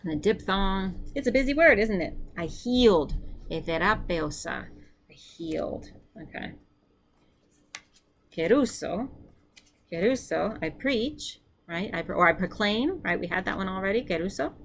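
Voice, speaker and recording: A woman with a mid-range voice and lively intonation leads a drill-style vocabulary lesson at normal speed, with slight background noise. She repeats each word for the learner and chats casually as she corrects herself.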